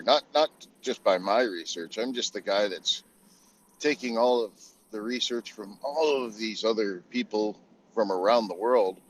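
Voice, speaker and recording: A man's voice: on the low side, low-quality recording. A man in a casual online audio chat, rambling and chuckling as he pieces his thoughts together. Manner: rambling, chuckling, self-correcting.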